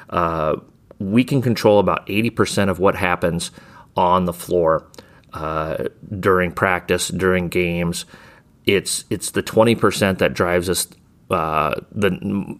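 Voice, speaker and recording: A middle-aged man, a basketball coach hosting a podcast, giving casual coaching talk with frequent restarts and repeated words. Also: low voice.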